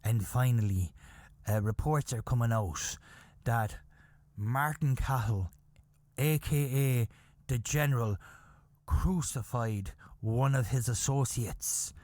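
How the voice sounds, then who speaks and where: A man with an Irish accent imitating a male TV newsreader, speaking in a grave, measured way. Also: mid-range voice, darkish tone, no echo, voice pushed down, close to an everyday voice. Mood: solemn.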